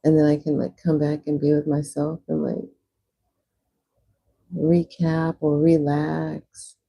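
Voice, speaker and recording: Young woman rambling on a painting stream, low gravelly voice, kinda husky, says like a lot. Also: monotone, slow pace, dull audio. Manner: chatty, rambling, many "like" fillers. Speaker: livestreamer. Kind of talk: casual chat while painting on a livestream.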